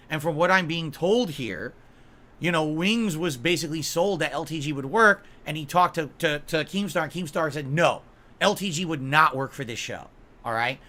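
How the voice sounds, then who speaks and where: A man's voice: fairly high pitch, lively intonation, a little fast, pushed and bright. A man on a livestream, ranting in an aggrieved, emphatic way, swearing and asking his viewers "right?" again and again. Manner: aggrieved, repeatedly asks "right?" and "okay?". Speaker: streamer.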